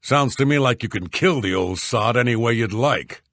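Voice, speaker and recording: An actor voicing a series of rough male warriors, guards and sailors in video game dialogue, blunt and scornful. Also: mid-range voice, moderate pace, a bit bright, no room sound, studio quality, natural voice.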